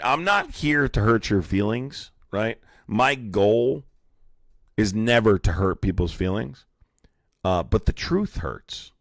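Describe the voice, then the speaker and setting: A hoarse man hosting a live stream, talking bluntly and with a lot of swearing. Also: low voice, dry recording, studio quality. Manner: blunt and profane. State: hoarse, sore throat.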